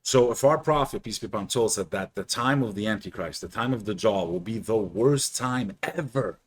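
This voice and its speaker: A man's voice: on the low side, a little fast, slightly rough. A man co-hosting a casual stream chat, earnest and preachy, giving solemn warnings. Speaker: podcast co-host.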